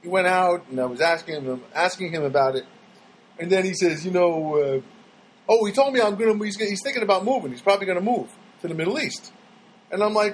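A man's voice: high-pitched, fairly quick, a little hiss or hum, poor audio. A middle-aged man with a New York accent, a comedian rambling through a casual monologue. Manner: rambling, animated storytelling.

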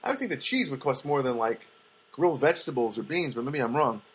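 With a breathy edge to his mid-range voice, this man talks fast and animatedly over a low-quality recording. He's a Los Angeles podcast host giving a casual, rambling storytelling monologue, acting out the people he quotes.

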